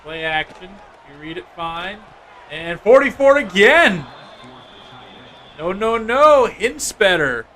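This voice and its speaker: A man streaming a football video game, giving casual, excitable play-by-play and chatting with viewers. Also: high-pitched, slow pace, slight background noise. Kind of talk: live gameplay commentary.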